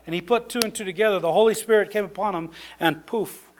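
A man preaching a sermon, conversational, swinging between soft low asides and excited high bursts. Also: fast talker, slight background noise.

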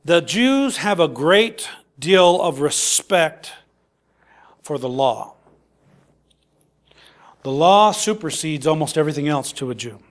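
A middle-aged man delivering a sermon with a notably high-pitched voice. He talks conversationally and often doubles up his words. He acts out the quoted lines as he reads them. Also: lively intonation, slow pace, pauses often. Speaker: preacher.

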